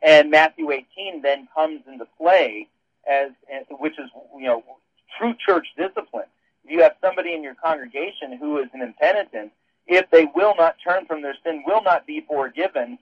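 Heard over a dull phone line with no echo, a higher-voiced man rambles through theology on a radio show. He keeps restarting his sentences.

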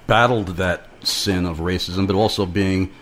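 A man hosting a Christian talk radio interview, speaking in a measured, preaching-style way. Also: low voice, fairly even intonation, fairly bright tone, slight background noise. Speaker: radio show host.

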